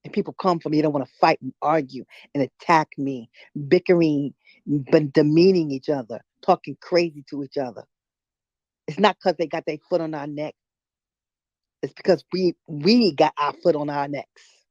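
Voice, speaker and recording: A woman's voice: sits low, moderate pace, a little mellow, dry recording. A middle-aged woman from New York City holds forth on a lo-fi online call, the sound dull and close with no room around it. She talks in a heated, blunt, profane way, stumbling into restarts as she pushes her point. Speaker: caller in an audio chat room. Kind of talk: emotional impromptu rant.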